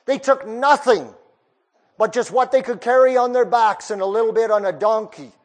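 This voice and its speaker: A man preaching a storytelling sermon, moving between hushed passages and raised ones. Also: very high voice, normal speed.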